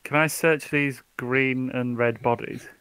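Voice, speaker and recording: A man's voice: mid-range voice, steady tone, measured pace, a bit bright, smooth, dry recording. A man playing a tabletop game, asking probing questions. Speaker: player. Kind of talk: casual tabletop play.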